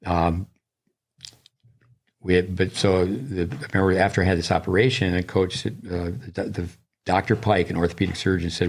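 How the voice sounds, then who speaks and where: A man's voice: deep voice, fairly even intonation, moderate pace. An older man, a tennis coach and podcast co-host, telling long digressive stories in casual chat, with many restarts.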